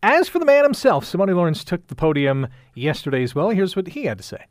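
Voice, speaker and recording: A man's voice: high voice, sing-song, fast, a little hiss or hum. A male local news reporter describing an event and interviewing a guest in a conversational way, with frequent filler words.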